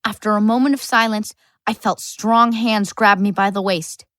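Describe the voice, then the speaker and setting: A woman's voice: medium pitch, steady tone, moderate pace, fairly bright tone, dry recording, clean studio sound, close to an everyday voice. A woman narrating a full-cast audiobook as a lonely, bookish boy, earnest with wry asides. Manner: earnest first-person storytelling, wry asides.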